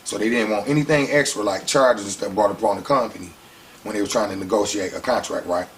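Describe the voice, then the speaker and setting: A man in a casual interview telling his story in an animated, slangy way. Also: on the low side, quick pace, recorded from a distance, a little hiss or hum. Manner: animated, slangy, heats up when retelling conflicts.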